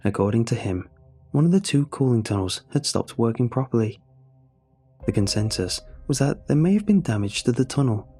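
A young man narrating a scripted horror story in a steady, measured way. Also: medium pitch, breathy edge. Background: faint music.

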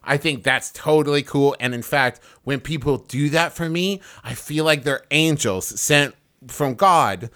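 A man's voice: a little high, sharp tone. Self-deprecating joking man. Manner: earnest, self-deprecating, fast asides. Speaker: podcast co-host. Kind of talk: comedic casual chat.

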